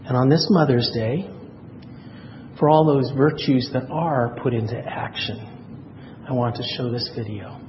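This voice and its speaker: A man's voice: medium pitch, unhurried, long pauses, in a large hall, dull audio, noisy background. A man preaching a sermon, telling stories and acting out quotes with energy. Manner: animated storyteller, voices quotes. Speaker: pastor.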